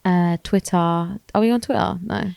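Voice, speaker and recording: Low gravelly woman, rambling chat. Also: normal speed, darkish tone, no room sound. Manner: rambling, thinking aloud with restarts. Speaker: podcast co-host. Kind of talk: casual chat.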